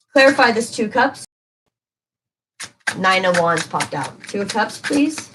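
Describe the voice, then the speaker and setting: A woman's voice: mid-range voice, big pitch swings, measured pace, pauses often, fairly bright tone, a little hiss or hum, low-quality recording. Chatty woman reading tarot live. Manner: chatty, emphatic, reacts to viewer comments. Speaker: tarot reader streaming live.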